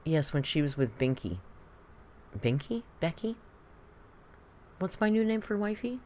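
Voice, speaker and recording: A deep, darkish female voice, very animated yet unhurried, comes with a little hiss or hum. She is a British reaction streamer chatting and gossiping about clips and viewer comments, often laughing and wondering aloud.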